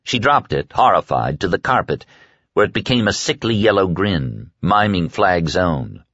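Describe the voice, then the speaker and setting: A man narrating a horror audiobook in a dramatic, expressive storytelling manner. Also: low voice, moderate pace, husky, no room sound, muffled recording. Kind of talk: scripted narration.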